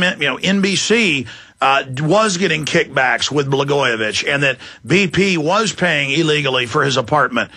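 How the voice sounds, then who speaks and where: A male talk radio host rants with fierce urgency and breaks into shouts. His voice is bright, a bit husky and pitched on the high side. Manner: fiery, ranting, shouting at times.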